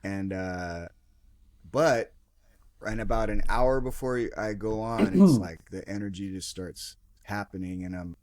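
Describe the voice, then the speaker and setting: A man's voice: fairly low pitch, unhurried, darkish tone. A man hosting a music podcast, a touring musician himself, talking in a laid-back, drawling casual chat.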